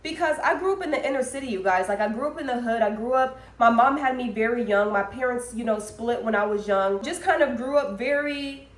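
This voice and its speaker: A chatty young woman vlogger from the United States, talking straight to her viewers in a fairly high voice. She tells her story in an animated way, peppered with fillers, and her voice rings in an echoey room. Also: fairly quick, few pauses. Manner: chatty, animated, lots of "like" and "y'all". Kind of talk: casual storytelling to camera.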